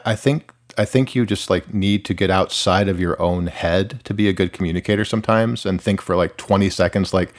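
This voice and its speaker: A man in his forties from Michigan, a musician guest talking casually in an interview, rambling with lots of "like" and restarts. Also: lowish voice. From Michigan, USA. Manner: rambling, heavy use of "like", frequent restarts.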